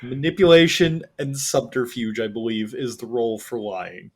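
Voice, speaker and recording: A man of middling pitch narrating as game master of a tabletop game. He talks in a relaxed way, laughs easily and lets his sentences wander. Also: normal speed.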